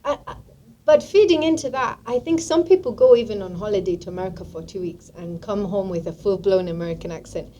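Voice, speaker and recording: A woman with a British accent, a guest in a casual interview, explaining her views calmly and thoughtfully. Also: mid-range voice, fast, slight background noise. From Britain.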